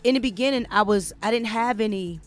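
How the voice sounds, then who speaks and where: A woman's voice: fairly high pitch, brisk, soft background music. A woman hosting a talk show, talking casually and searching for words, with many restarts. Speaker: show host.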